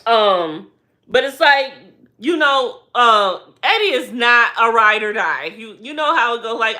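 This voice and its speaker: Host, woman, bright tone, loose slangy recap commentary full of asides. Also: on the high side, measured pace. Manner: animated, slangy, many rhetorical asides. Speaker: trial recap vlogger.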